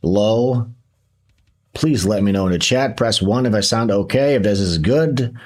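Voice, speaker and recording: A man's voice: lowish voice, a little slow. A man hosting a livestream in casual chat, joking and teasing his guest. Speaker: streamer host.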